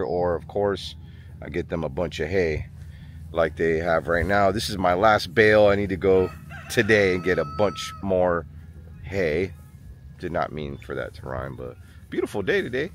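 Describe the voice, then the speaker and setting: A man vlogging casually outdoors on his small farm, chatting to the camera and talking to his animals in a high coaxing voice. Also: moderate pace, a little hiss or hum. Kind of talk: casual vlog chat.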